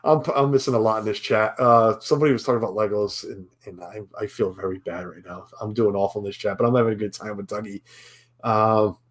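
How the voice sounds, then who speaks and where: A man's voice: lowish voice, fast talker. A man hosting a casual live-stream chat, rambling with restarts and chuckling as he reads the chat. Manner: rambling, self-interrupting, chuckling. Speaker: stream host.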